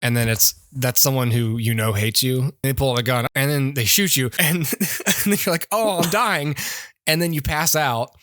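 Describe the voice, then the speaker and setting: A man's voice: medium pitch, moderate pace, few pauses, a bit bright, no echo. Guy rambling on a podcast, laughs a lot, dry close sound. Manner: rambling storyteller, laughs often, many restarts. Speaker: podcast co-host. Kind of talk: casual chat.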